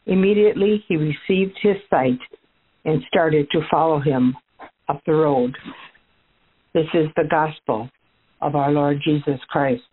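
Woman scripture reader, low husky voice, measured reading, tinny phone-like sound.

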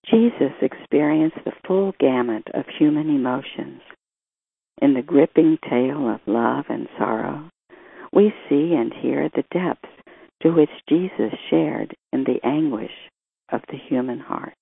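A priest reading the gospel and giving a measured, reflective homily that quotes scripture and scholars. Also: male voice, on the high side, gravelly, slightly rough. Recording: tinny phone-like sound, dry.

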